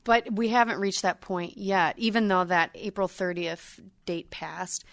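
A woman public radio host interviewing a guest, asking questions in a measured, inquisitive manner. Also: on the low side, fairly bright tone, no room sound, clean studio sound.

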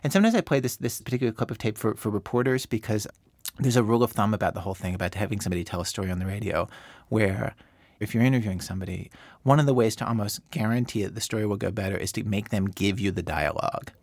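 A man in a dry, close recording explains how radio stories work. He talks very quickly and gravelly, stuffed with "like" and restarts. His voice sits a little low. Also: darkish tone, no echo. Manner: rapid, chatty, full of fillers and repeats. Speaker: radio producer, interview guest. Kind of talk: explaining radio storytelling craft.

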